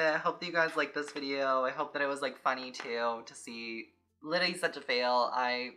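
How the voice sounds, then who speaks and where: A woman's voice: extremely low pitch, fairly quick, pushed and bright, faint music behind. A young adult woman hosting a casual unboxing vlog, chatty and filling her speech with "like". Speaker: YouTube host.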